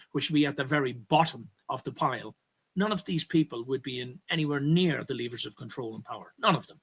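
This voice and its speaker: A man's voice: mid-range voice, pushed and bright, breathy edge. An Irish man hosting a political commentary, talking in a rambling way, often correcting himself and pushing hard on key words. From Ireland. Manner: rambling, stops to correct himself, emphatic bursts. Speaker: commentary host.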